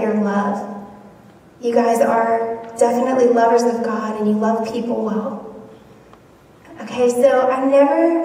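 A woman's voice: a little high, darkish tone. A woman youth pastor giving an earnest, emotional farewell address to graduating youth in a church hall. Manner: earnest, emotional, laughs between lines. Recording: echoey hall from far off, faint noise.

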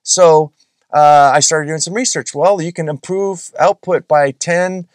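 A man's voice: on the high side, unhurried, a little mellow, dry recording, studio quality. A man hosting a solo podcast, talking casually and frankly, rambling with restarts and the odd swear word. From California. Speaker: podcast host.

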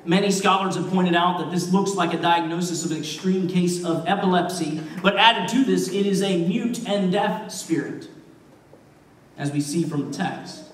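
A man preaching a sermon as pastor, retelling a story in an emphatic way with shifting loudness. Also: high-pitched. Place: church sanctuary. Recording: echoey church hall, mic far off.

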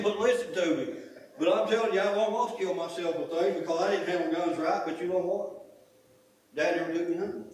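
A middle-aged pastor preaching in a folksy, conversational way and circling back on his points. His voice sits a little high for a man. It is caught from a distant mic in a very echoey church sanctuary with a faint hiss underneath. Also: darkish tone. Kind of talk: sermon.

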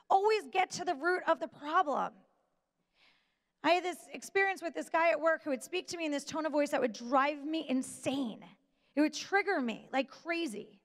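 A woman giving a motivational talk to an audience, emphatic and deliberate, with pauses for weight. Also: sits high. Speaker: motivational speaker. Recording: long reverb of a large hall.

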